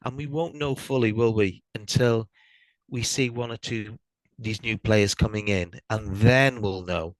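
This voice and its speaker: A middle-aged Welsh man guesting on a podcast, speaking in a thoughtful, hesitant way with many pauses. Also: lowish voice, dry recording, rough recording. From Wales. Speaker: guest fan. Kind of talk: casual podcast chat.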